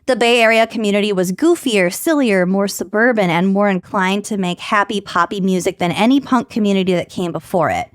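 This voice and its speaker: A woman's voice: medium pitch, fairly quick, few pauses, clear, resonant tone, no room sound, studio quality. A woman from Minnesota co-hosting a podcast, reading quotes from an article and riffing on them in casual chat. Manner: reads quotes aloud, then riffs casually with crude jokes. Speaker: podcast co-host.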